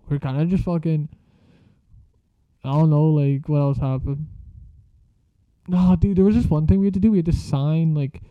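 A young man with a smooth, somewhat high voice recounts school stories in a rambling, profane, slang-filled style for his casual storytelling vlog. The audio is dry, muffled, and lo-fi, with no echo.

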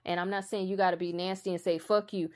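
A woman with a somewhat low voice delivers a casual spiritual monologue to her viewers. She is blunt and preachy, swears freely, and drives her points home slowly and emphatically. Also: flat delivery, darkish tone. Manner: slow emphatic delivery that builds to raised intensity.

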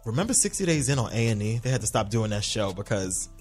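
Male podcast host, animated and sassy, pitch jumping all over, faint music underneath. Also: quick pace, breathy edge. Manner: animated, sassy, slips into mocking voices. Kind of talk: casual TV recap monologue.

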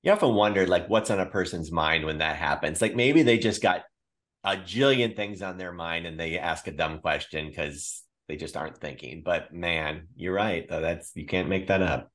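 A man's voice: sits low, moderate pace, a bit bright. A man co-hosting a podcast, chiming in with brief, easygoing comments. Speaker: podcast co-host. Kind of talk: casual chat.

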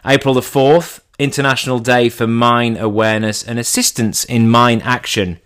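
A man giving a comedic monologue in an irreverent, deadpan way, his pitch jumping up for punchlines. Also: moderate pace, clean tone.

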